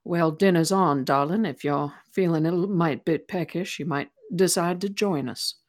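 A woman's voice: on the low side, moderate pace, dry recording, close to an everyday voice. A woman voicing a matter-of-fact female cook from the mines in a tabletop game. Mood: dry. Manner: dry, matter-of-fact, says darling.

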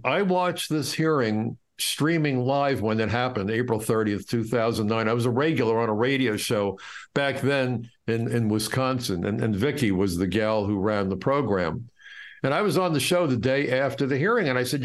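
A middle-aged man from the United States speaks as an interview guest in a mid-pitched voice. He tells his stories with an impassioned, indignant edge. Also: normal speed. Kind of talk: storytelling in an interview.

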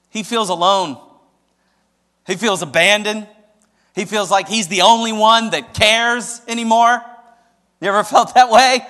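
A male pastor preaching a sermon in an animated, dramatic way, often asking the audience questions. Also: high voice, a little slow, pauses often, in a large hall.

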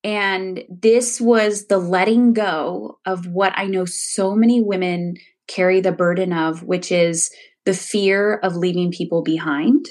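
A woman's voice: fairly low pitch, steady tone, a little slow, darkish tone. A woman in her forties, a coach, speaking candidly and reflectively as an interview guest, laughing easily. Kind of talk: casual interview conversation.

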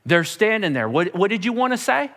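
A man's voice: high-pitched, very animated, a little fast, a bit bright, long reverb tail. A man preaching a sermon, telling the story with animation and repeating words as he builds. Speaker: pastor.

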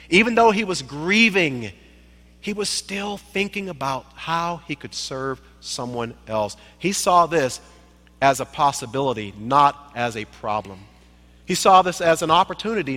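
A man's voice: high-pitched, bright, forceful tone. A man giving a sermon as a guest preacher, emphatic, repeating phrases for effect. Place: church sanctuary. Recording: reverberant church sanctuary.

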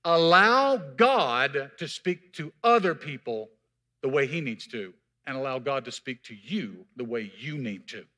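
A man's voice: mid-range voice, animated, measured pace, pushed and bright. A man preaching a sermon, calling out to the congregation as he teaches and tells the story. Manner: preaching with call-outs to the congregation. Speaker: pastor.

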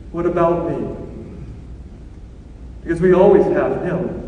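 Animated priest in an echoey hall. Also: male voice, high voice. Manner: animated, swings from shouting to hushed. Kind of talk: sermon. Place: large church. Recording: echoey church hall from far off.

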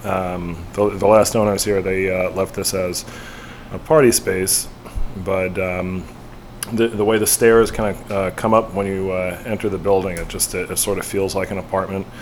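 Male bar manager with a smooth, lowish voice, relaxed and easygoing, and a soft room hum behind him. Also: normal speed, rough recording. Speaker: bar general manager, guest. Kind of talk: casual interview chat.

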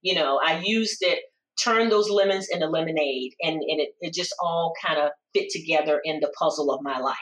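A woman's voice: low-pitched, normal speed, recorded from a distance. Roomy, off-mic woman telling her story. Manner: warm, expressive, lots of restarts and "you know". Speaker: interview guest. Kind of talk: reflective personal storytelling.

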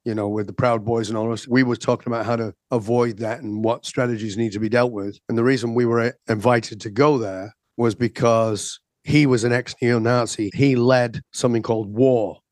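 A man coaching and telling stories with emphatic energy, voicing both sides of quick exchanges. His voice sits at an ordinary middle pitch, and the recording is dry and close. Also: fairly even intonation, darkish tone, no room sound. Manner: acts out dialogue in quick back-and-forth, emphatic. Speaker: transformation coach, guest. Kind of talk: animated storytelling in conversation.

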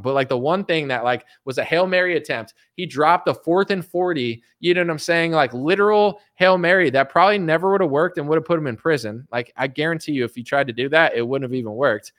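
A man's voice: a little high, a bit bright, no echo, clean studio sound. A young adult man giving a rambling, blunt, unscripted political rant, repeating himself and swearing for emphasis. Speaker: political commentator.

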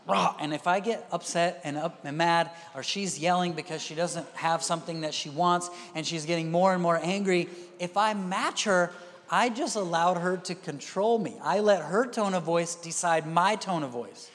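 Man, pastor, sermon, fairly high voice, hushed to emphatic, long hall reverb. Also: normal speed. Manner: conversational, swings from hushed asides to loud emphatic bursts.

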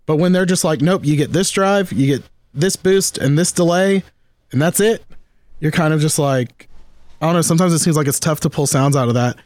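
A man's voice: on the high side, dry recording. A man hosting a podcast, chatting casually and rambling with enthusiasm about guitar gear. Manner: rambling, restarts often, excited about gear. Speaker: podcast host.

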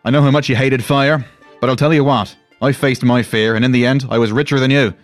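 A man's voice: medium pitch, fairly even intonation, a little fast, voice pushed up, lightly acted. A man voicing a roguish male dwarf thief who teases with a sly drawl, over faint music. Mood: wistful.

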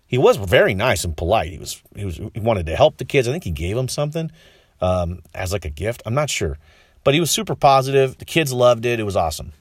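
A man's voice: fairly low pitch, dry recording, clean studio sound. A man giving a casual spoken film review, rambling with many restarts and a wry, skeptical tone.

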